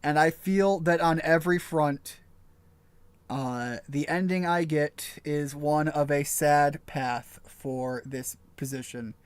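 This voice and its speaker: A man live-streaming a game, talking it over in a casual, thoughtful, halting way. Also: fairly high pitch, smooth, no room sound. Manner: thoughtful, halting, searching for words. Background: game music.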